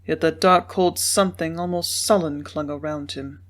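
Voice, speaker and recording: A woman narrating a classic Western novel in a measured reading style. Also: lowish voice. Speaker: audiobook narrator. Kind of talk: scripted narration.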